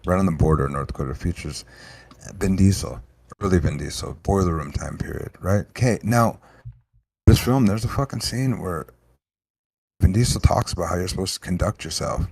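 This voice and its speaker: Deep-voiced profane man ranting on stream. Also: brisk, vocal fry, breathy edge. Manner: profane, rambling, animated rants. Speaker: show host. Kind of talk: casual livestream chat.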